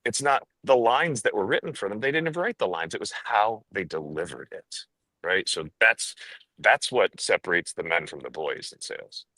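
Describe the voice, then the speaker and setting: A man's voice: lowish voice, animated, normal speed, pushed and bright, dry recording. A man speaking as a sales trainer guest on a podcast, emphatic and demonstrative, driving his points home with stress. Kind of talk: animated podcast talk.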